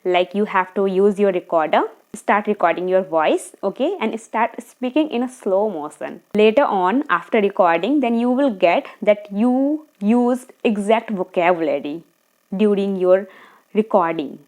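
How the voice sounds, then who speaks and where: A woman giving earnest, encouraging speaking tips straight to camera, talking fast at times and checking in with her viewers. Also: mid-range voice, darkish tone. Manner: talks fast, sometimes slows down deliberately. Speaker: English-speaking coach. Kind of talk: tutorial monologue to camera.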